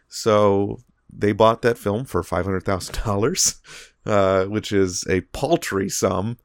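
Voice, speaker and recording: Slow and creaky yet clear, this podcast co-host has a fairly low, resonant voice recorded dry and close with no room sound. He chats casually, wandering through his ideas with many fillers and false starts.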